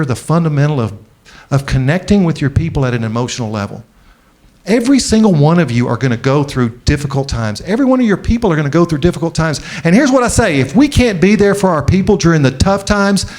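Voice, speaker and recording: A middle-aged man giving a conference keynote speech. He tells a personal story and often slows down and drops his voice for the emotional moments. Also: mid-range voice, a little mellow. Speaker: keynote speaker. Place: large conference venue.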